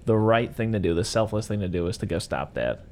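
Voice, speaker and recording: A man with a fairly low voice talks through a favorite film in a relaxed chat. He gets enthusiastic and jumps into little impressions of the characters as he retells scenes. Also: fast talker, a little hiss or hum. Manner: enthusiastic, acts out quotes in voices. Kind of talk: casual movie discussion.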